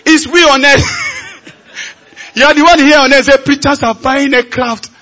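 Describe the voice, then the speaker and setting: A Nigerian man preaching a sermon at a large conference, leading the congregation in call and response and building to shouts. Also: very high voice, moderate pace. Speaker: pastor.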